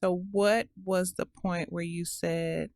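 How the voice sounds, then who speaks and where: Low-voiced woman podcast host. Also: fairly even intonation, slow pace, gravelly, darkish tone, no echo, studio quality. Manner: affirming, frequent "mm-hmm". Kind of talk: interview questions.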